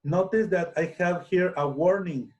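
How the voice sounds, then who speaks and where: Slow, hesitant man teaching. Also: sits high, a little mellow. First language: Spanish. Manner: slow, hesitant, many restarts and fillers. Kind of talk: software tutorial screencast.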